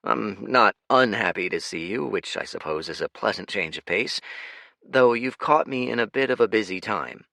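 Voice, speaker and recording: A man's voice: on the low side, lively intonation, moderate pace, vocal fry, pushed and bright, no room sound, exaggerated voice. A male narrator voicing Dorian, a weary, sardonic rogue who speaks wryly, in an audiobook. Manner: wry, sardonic.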